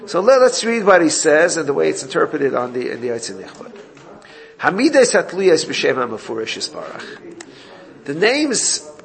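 Gravelly man teaching a Torah class. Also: a little high. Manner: explanatory, reads Hebrew text then translates.

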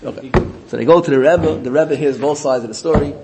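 A man teaching a Torah lesson, telling a story with lively voices and mixing in Hebrew and Yiddish terms. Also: a little high, fast talker, background noise.

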